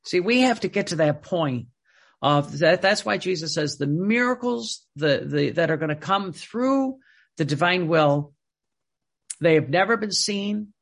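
Gravelly preacher man, husky. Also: fairly high pitch, a bit bright. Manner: repetitive, emphatic, with many restarts. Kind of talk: sermon.

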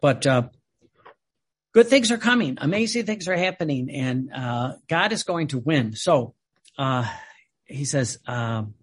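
Husky man giving a halting devotional talk. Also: mid-range voice. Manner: halting, many fillers and restarts. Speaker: religious speaker.

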